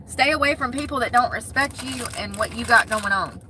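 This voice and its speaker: A woman with a Southern US accent chatting casually and frankly, animated and swearing freely, talking from a car. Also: fairly high pitch, fairly quick, a little hiss or hum. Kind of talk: casual chat.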